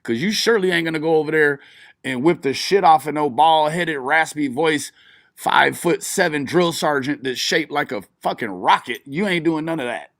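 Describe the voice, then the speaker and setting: A man's voice: on the high side, animated, moderate pace, a bit bright, no echo, clean studio sound. A man giving profane, mocking commentary on a stream he is watching, often breaking into laughter. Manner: mocking, swearing, frequent laughing. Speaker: streamer reacting to a live video.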